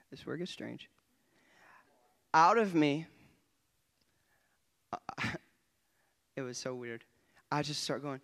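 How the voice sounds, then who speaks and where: A male guest preacher in a church, telling a personal story quietly and then shouting his sermon with rising fervor. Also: a little high, animated, a little slow, creaky, long pauses. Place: church sanctuary.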